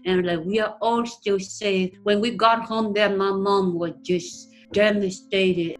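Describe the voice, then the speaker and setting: A woman with a recounting a frightening childhood memory in an earnest, plain-spoken way, her voice dropping soft at the tense moments. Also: mid-range voice, fairly even intonation, normal speed, hardly any pauses, low-quality recording. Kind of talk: personal storytelling. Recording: faint guitar music behind.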